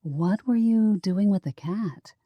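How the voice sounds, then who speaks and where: A woman voicing an earnest, impatient young woman sleuth in an audiobook, slow and dry. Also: mid-range voice, no echo, muffled recording, pitched above the performer's own voice. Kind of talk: audiobook character voice.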